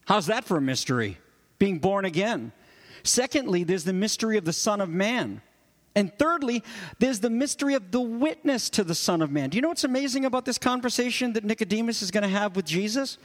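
A man preaching an expository sermon, his voice rising for emphasis and dropping low for quiet asides. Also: expressive, brisk, in a large hall. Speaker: pastor.

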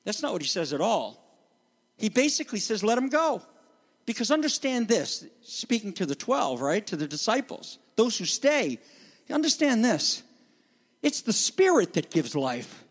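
A man's voice: sits high, very animated, normal speed. A pastor, a man, preaching an expository sermon with emphatic, dramatic delivery. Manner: emphatic, dramatic teaching that acts out quoted voices.

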